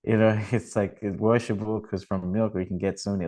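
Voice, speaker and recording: A man's voice: lowish voice, fairly even intonation, moderate pace, warm tone, rough recording. A man giving an informal religious talk and telling a long anecdote, rambling with many fillers and restarts. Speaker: temple speaker.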